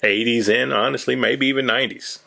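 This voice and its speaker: A man's voice: mid-range voice, fairly even intonation, fairly quick, creaky, pushed and bright, a little hiss or hum. A man hosting a movie reaction video, chatting casually with slang and frequent laughs. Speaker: host.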